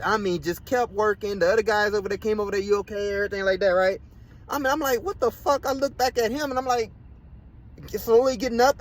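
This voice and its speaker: A man with a high-sitting voice rants indignantly to camera in a vlog, hurting after a fall, swearing often and repeatedly restarting his sentences. The low-quality recording has slight background noise.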